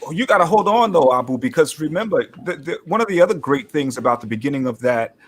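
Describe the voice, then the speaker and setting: A man speaking as a guest on a casual panel chat, thoughtful and measured, with many small fillers. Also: fairly high pitch, expressive.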